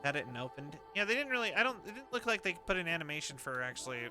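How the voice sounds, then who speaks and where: A man's voice: a little high, very animated, racing, music in the background. A young man streaming a game, talking in a rambling, chatty way and laughing between thoughts. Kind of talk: casual game commentary.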